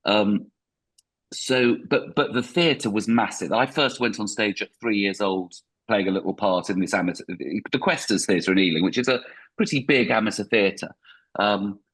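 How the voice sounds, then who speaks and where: Husky middle-aged man, chatty and self-mocking. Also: fairly low pitch, a bit bright, low-quality recording. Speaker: comedian guest. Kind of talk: casual interview chat.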